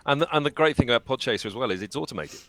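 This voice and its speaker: A man chatting casually as a guest, relaxed and self-deprecating, laughing easily. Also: medium pitch, racing, no echo. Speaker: guest voice actor. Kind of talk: casual chat.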